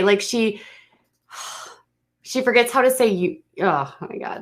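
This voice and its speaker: Woman streamer, casual commentary, snarky and exasperated, mid-pitched voice. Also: normal speed. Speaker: livestream commentator.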